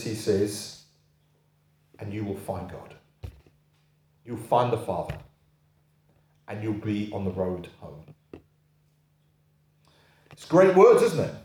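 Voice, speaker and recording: A man's voice: mid-range voice, mellow, reverberant. A man preaching a sermon, repeating key phrases for emphasis and putting rhetorical questions to the congregation.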